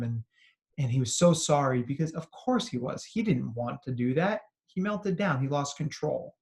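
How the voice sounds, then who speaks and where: A man's voice: mid-range voice, darkish tone. Earnest man presenting a remote talk. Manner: conversational storytelling, often adds "right?"; earnest and encouraging. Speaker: psychologist giving a talk to educators. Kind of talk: recorded presentation with slides. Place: remote talk, not in person.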